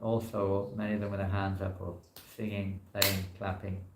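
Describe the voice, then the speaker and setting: A man's voice: deep voice, completely flat delivery, normal speed, very noisy. Rambling man teaching in an echoey hall. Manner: conversational and rambling, many "you know" fillers. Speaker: monk giving a scripture class. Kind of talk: informal scripture class. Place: temple hall.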